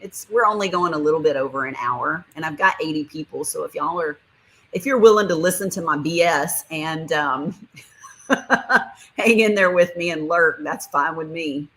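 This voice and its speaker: A woman with a notably low-pitched voice hosts a relaxed livestream. She reads viewer comments aloud and answers them in a chatty, friendly way, laughing often. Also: normal speed, rough recording. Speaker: livestream host. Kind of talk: casual livestream chat reading viewer comments.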